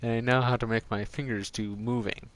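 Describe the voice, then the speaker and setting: Brisk and flat in delivery, with a medium pitch, a man runs commentary on his gaming channel while playing. The talk is casual, jumping from joke to joke and tangent to tangent.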